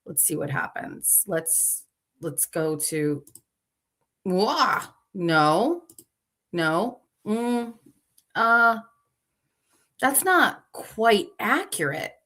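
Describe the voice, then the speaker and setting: A woman's voice: mid-range voice, sing-song, very slow, pauses often, bright, forceful tone. A woman hosting a livestream in casual chat, flustered and talking to herself while she fixes her stream settings live. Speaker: show host.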